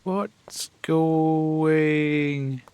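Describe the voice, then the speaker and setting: A man's voice: a little high, fairly even intonation, extremely slow, darkish tone, smooth, no echo. A Scottish man streaming a horror game live, reacting with frequent laughs and startled exclamations.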